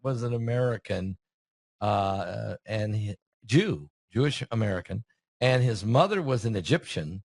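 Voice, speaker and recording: A man's voice: fairly low pitch, expressive, measured pace, vocal fry, no room sound, clean studio sound. A man hosting a casual conversation, chatty and asking leading questions. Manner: chatty, asks leading questions, many fillers. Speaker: host and preacher.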